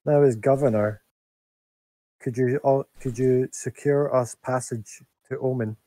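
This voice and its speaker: A blunt, proud adventurer, played by a man in a tabletop game, giving orders in short, commanding phrases. His mid-pitched voice sounds dry and close, with no room around it. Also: fairly even intonation, measured pace, dark tone, no echo, natural voice, low-quality recording. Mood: businesslike.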